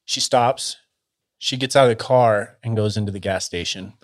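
Low-voiced man telling a story casually. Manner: loose and halting, filled with "like" and restarts.

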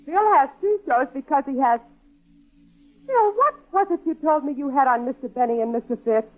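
An actress playing a calm, gently teasing wife and mother in a 1940s radio sitcom. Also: high voice, moderate pace. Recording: tinny, noisy old radio broadcast.

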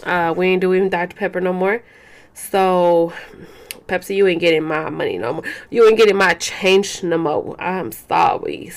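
A young woman with a lowish voice talks at normal speed in a casual vlog to camera. Chatty and profane, she rambles, drops into Spanish, and fills her speech with fillers and restarts.

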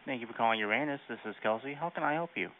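A man answering the phone at a shop, speaking in a brisk, polite, deadpan way over a tinny phone line. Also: medium pitch. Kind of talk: customer service call.

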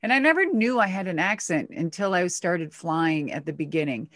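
A woman's voice: on the low side, animated, normal speed, fairly bright tone, no room sound. Chatty Minnesota woman, dry close sound. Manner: chatty, laughing, profane storytelling. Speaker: retired wrestler guest. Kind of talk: casual interview chat.

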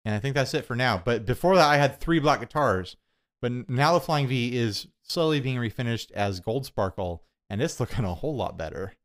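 A man's voice: medium pitch, animated, fairly quick. Young male co-host, loose self-deprecating rambler with frequent laughter. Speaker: podcast co-host. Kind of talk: casual chat.

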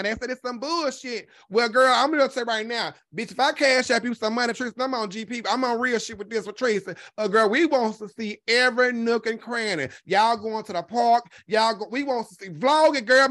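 A vlogger giving sassy, profane gossip commentary in a lively, emphatic way, swearing constantly and stretching words for emphasis. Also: medium pitch, no echo, studio quality.

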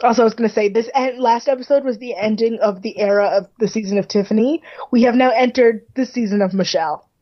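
A woman's voice: a little high, fast talker. Woman podcast co-host recapping TV, casual chatty delivery, slightly muffled lo-fi sound. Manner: chatty, swears casually, frequent fillers like "like". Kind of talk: casual chat recapping a reality show.

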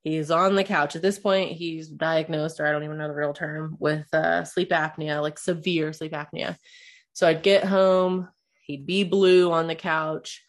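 A woman's voice: low voice, fairly even intonation, unhurried. A young adult woman, telling a personal story in a candid, rambling way, swearing freely and using lots of fillers.

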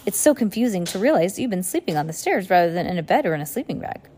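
A woman's voice: lowish voice, sing-song, fast talker, a little mellow, husky. A woman voicing Klaus, an earnest young orphan boy who presses with questions. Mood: pressing.

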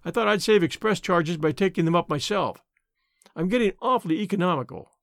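Guy doing a cool safecracker, calm and short, dry close voice. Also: sits high, a little fast, creaky, no echo. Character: cool, reformed male safecracker, young.

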